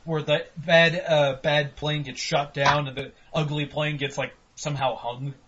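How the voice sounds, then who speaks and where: A man's voice: a little high, little pitch movement, measured pace, noisy background. Profane joking man, lo-fi podcast. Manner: profane, joking, acts out quotes in mock voices. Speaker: podcast co-host. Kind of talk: casual chat. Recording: dull lo-fi podcast audio.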